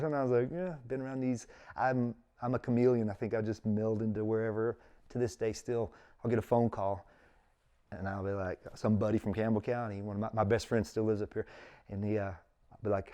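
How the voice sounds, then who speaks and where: A man's voice: medium pitch, fairly quick, clear, resonant tone. A middle-aged man, telling his story in casual conversation as an interview guest and acting out quotes with big jumps in his voice.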